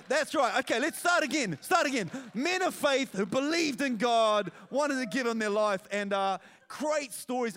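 A man preaching a sermon as pastor, animated storytelling with self-deprecating asides. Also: high voice, big-room sound.

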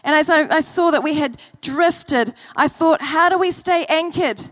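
High-voiced woman preaching a sermon. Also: normal speed, fairly bright tone. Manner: earnest, storytelling, repeats key phrases. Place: church service.

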